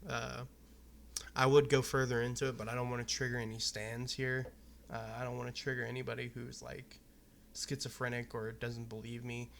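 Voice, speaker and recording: A man's voice: medium pitch, vocal fry, sharp tone, a little hiss or hum. A young man from Arizona talking candidly to camera in a casual vlog, loose and rambling, with plenty of swearing. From Arizona, USA. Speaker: vlogger. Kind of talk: casual personal talk to camera.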